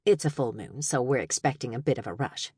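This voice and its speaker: A woman's voice: very deep voice, animated, fairly quick, darkish tone, husky, dry recording, clean studio sound, full character voice. A woman voicing a playful, theatrical middle-aged mother in an audiobook, coaxing and doting. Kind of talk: audiobook character voice.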